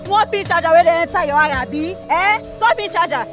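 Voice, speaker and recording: Brash Nigerian bus conductor. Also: female voice, very high voice, lively intonation, brisk. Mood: combative. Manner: loud, argumentative, mocking in Pidgin. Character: sharp-tongued young female bus conductor. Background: background music.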